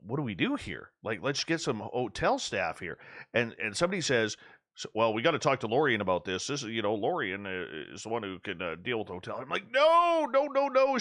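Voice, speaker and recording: A man's voice: medium pitch, no room sound, studio quality. A man hosting a radio talk show, joking around and chuckling along with his guest. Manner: jokey, expressive, chuckles along. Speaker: radio host. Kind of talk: casual radio chat.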